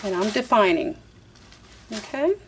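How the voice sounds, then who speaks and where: It's a casual step-by-step craft tutorial, and the woman leading it chats along, talking to herself as she works and saying "y'all." Her mid-range voice is animated and a little slow, and there's a faint hiss or hum.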